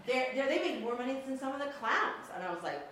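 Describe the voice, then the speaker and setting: Animated woman storyteller, echoey room. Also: high-pitched. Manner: animated, laughs often, pauses for effect. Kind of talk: personal story told to an audience. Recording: echoey room, faint background noise.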